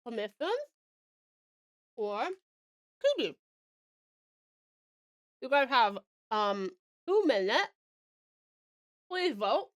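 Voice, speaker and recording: A woman's voice: on the high side, big pitch swings, extremely slow, pauses often. A young woman from Australia chatting casually with her live-stream viewers while she works, giggling often. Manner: chatty, giggly, talks to chat while working.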